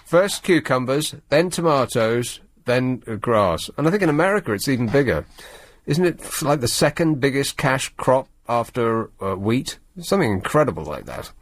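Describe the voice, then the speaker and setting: A man hosts a talk radio show from a studio. He rambles in a sardonic, halting way at a medium pitch. His voice sounds dry and close to the mic. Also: sing-song, dry recording. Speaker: radio host. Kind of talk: late-night talk radio monologue.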